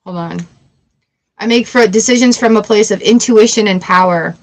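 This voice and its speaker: A woman's voice: mid-range voice, moderate pace. A woman giving a live-streamed tarot reading in a chatty, emotional way, weepy and laughing often. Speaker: tarot reader.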